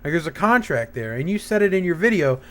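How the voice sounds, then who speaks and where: A man's voice: on the high side, big pitch swings, fast talker. A young man hosting a gaming channel, telling a rambling, profanity-laced story in a casual, heated rant.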